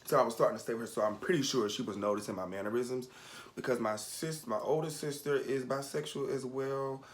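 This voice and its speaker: A man's voice: medium pitch, fairly quick. A young man telling a personal story in casual chat, candid and rambling, fighting back tears at moments.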